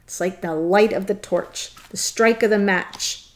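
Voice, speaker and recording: A woman's voice: mid-range voice, unhurried. A woman giving a tarot reading to camera, gushing and tearful, laughing through her emotion. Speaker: tarot reader.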